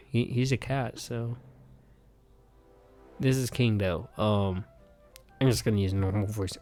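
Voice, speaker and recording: A young man hosting a comedic game playthrough, goofy and excitable in his reactions. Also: medium pitch, measured pace, long pauses, soft background music. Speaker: gaming video host.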